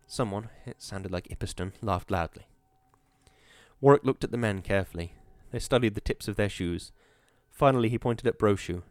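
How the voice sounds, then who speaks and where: A man narrating a story as an audiobook, in a steady, measured way. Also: on the low side, no echo.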